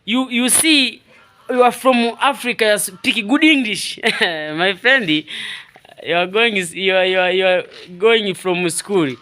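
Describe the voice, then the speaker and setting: A man with a Swahili accent chatting casually in halting English, repeating words and laughing often. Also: high-pitched, bright, forceful tone. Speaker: vlogger. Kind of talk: casual chat in broken English.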